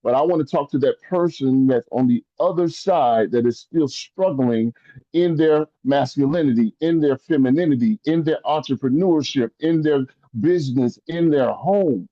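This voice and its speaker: A man giving an impassioned motivational talk, preacher-like, repeating phrases and rising to high emphatic peaks. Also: moderate pace, dark tone, no echo, dull audio. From rural upbringing. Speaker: motivational speaker.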